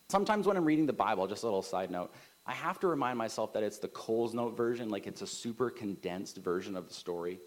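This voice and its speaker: A man's voice: medium pitch, animated, brisk. A pastor, a man in his thirties, delivering a casual, conversational sermon full of "like" and "right?". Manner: conversational, many filler likes and rights, rising emphasis.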